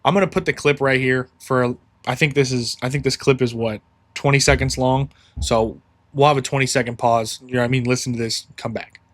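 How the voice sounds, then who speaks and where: A man's voice: medium pitch, fairly even intonation, brisk. A man hosting a solo sports podcast, ranting heatedly and swearing freely.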